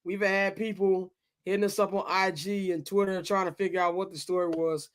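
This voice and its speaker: High-voiced brash talk host. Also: male voice, level tone, a little fast, clean tone. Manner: brash, joking, profane. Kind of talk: casual talk show hosting.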